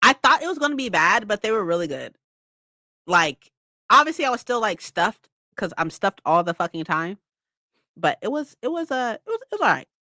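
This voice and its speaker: A woman's voice: medium pitch, sing-song, a little fast, pushed and bright, no room sound. A young woman from California chatting casually with viewers, swearing freely and laughing often. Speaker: streamer. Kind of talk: casual chat.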